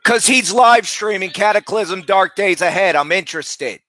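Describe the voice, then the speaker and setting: Loud, profane male live streamer. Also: high voice, moderate pace, hardly any pauses, dry recording. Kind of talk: casual live stream chat.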